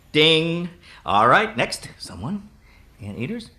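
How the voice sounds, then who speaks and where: A man's voice: a little high, bright, forceful tone. A man hosting an improv comedy game, calling on players and chuckling at their jokes. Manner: brisk, calls on players and chuckles often. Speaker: improv referee and emcee. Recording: noisy with clicks.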